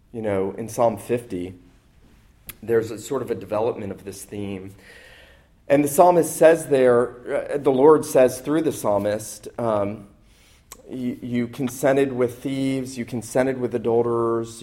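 A man preaching a sermon, rising in force on key phrases and slowing down to stress quoted verses. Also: mid-range voice, a little mellow.

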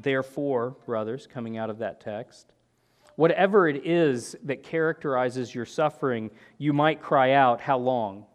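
Earnest man preaching a sermon. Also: mid-range voice. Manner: earnest, with rhetorical "right?" and frequent restarts. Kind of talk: expository sermon.

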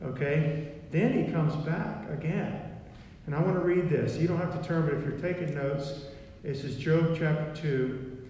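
A man's voice: on the high side, normal speed, mellow, a little hiss or hum. A man preaching a sermon in a repetitive, emphatic way, recorded in a church. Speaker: pastor. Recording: echoey hall from far off.

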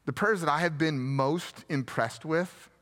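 Male pastor, sermon delivery: slightly high and bright, easygoing, gently pokes fun at himself. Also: unhurried. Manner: conversational, repeats key phrases for emphasis; self-deprecating, gently humorous.

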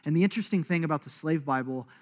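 Male pastor with a slightly high voice who preaches animatedly and acts out quotes. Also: very fast, a little mellow. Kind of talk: sermon.

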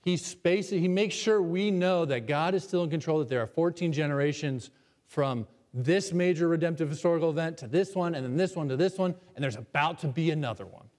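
A male pastor preaching a sermon to his congregation, emphatic and varying between loud and hushed, asking the people questions. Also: fairly high pitch, fairly quick, long reverb tail.

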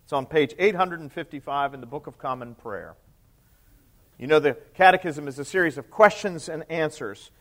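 At a moderate pace, a man who is a priest preaches a conversational sermon. He poses questions to his listeners and ends quoted lines in a quiet, lowered voice.

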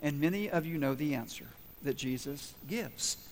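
A man's voice: a little high, lively intonation, moderate pace, big-room sound, a little hiss or hum. A pastor preaching a sermon to his church, who asks the congregation questions and answers them himself.

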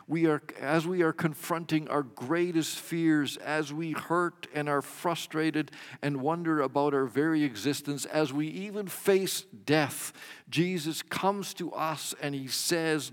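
A pastor preaches a sermon in a measured way, building to emphatic swells and letting his voice fall at the ends of lines. His voice is on the high side, and the sound is that of a big room.

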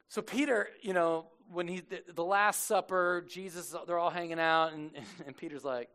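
A man preaching a casual sermon as a lively storyteller, slangy and animated, acting out the people he quotes. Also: fairly high pitch, brisk.

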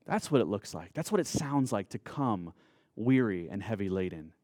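A man preaching a sermon in an earnest way, drawing out key words in slow, emphatic phrases. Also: lowish voice, lively intonation, mellow, dry recording, clean studio sound. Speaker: pastor.

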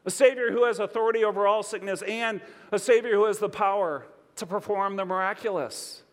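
A man preaching a sermon as pastor, expressive and conversational, asking his listeners questions. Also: high-pitched, brisk, long reverb tail.

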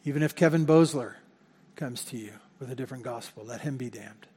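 Speaking a little fast in a mid-range voice that's dark-toned with a breathy edge, a pastor delivers a sermon in a church sanctuary. He keeps it conversational, often repeating words while correcting himself, and long hall reverb surrounds the sound.

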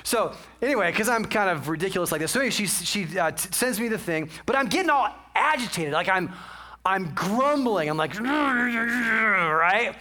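Bright, high-voiced chatty preacher man. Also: expressive, a little fast. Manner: chatty and self-mocking, many asides. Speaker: pastor. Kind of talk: casual storytelling sermon.

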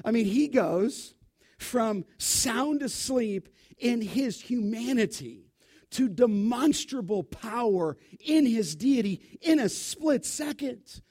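Very high-voiced emphatic male preacher. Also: takes it slowly. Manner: animated, emphatic, conversational with rhetorical questions. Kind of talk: sermon.

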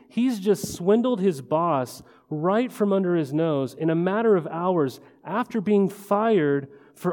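In the lingering reverb of a large church hall, a male pastor preaches in an easygoing, chatty manner. His voice sits a little high for a man but sounds warm and mellow, and he keeps drawing in the congregation with rhetorical questions and "right?".

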